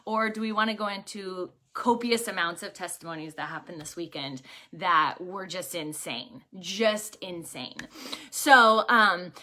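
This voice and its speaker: A woman with a bright, forceful, medium-pitched voice hosts a livestream, chatting animatedly and casually with viewers. She tells travel stories packed with rhetorical questions and filler words.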